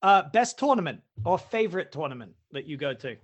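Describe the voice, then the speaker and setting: A man hosting a casual interview, briskly moving through his questions. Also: on the high side, very animated, lo-fi sound. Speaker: podcast host.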